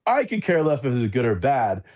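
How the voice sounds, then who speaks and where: A man's voice: mid-range voice, big pitch swings, a little fast, a little mellow. A man co-hosting a casual podcast chat, talking in a rambling way full of filler words. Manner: rambling, heavy use of fillers like "like" and "you know". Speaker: podcast co-host.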